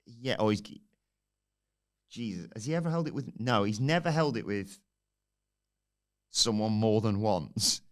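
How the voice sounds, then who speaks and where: Low-voiced man recapping wrestling. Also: expressive, measured pace, pauses often. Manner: rambling, jokey recap with self-deprecating asides. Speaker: wrestling podcast host. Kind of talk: casual recap and banter.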